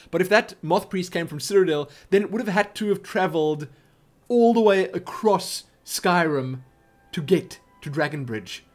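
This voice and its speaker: A man giving excitable, chatty commentary over his game, often exclaiming and joking. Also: on the high side. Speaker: let's play gamer. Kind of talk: live gameplay commentary.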